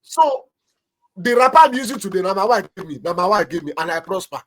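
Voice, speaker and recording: Man, Nigerian accent, pastor, high-pitched, emphatic, preacherly counsel. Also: lively intonation, a little fast, fairly bright tone. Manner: emphatic, preacherly, acts out little anecdotes. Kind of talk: marriage advice on a talk show.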